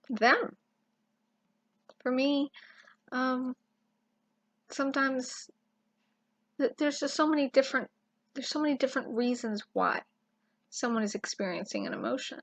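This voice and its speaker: A woman giving an informal, impassioned Bible teaching, emphatic and full of pauses and restarts. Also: sits high. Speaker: Christian teacher.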